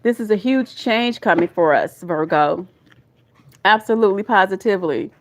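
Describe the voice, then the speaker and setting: A woman's voice: mid-range voice, moderate pace. A woman with a Southern US accent doing a live tarot reading. She talks to her viewers in a folksy, emotional way and calls them y'all and baby. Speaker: tarot reader.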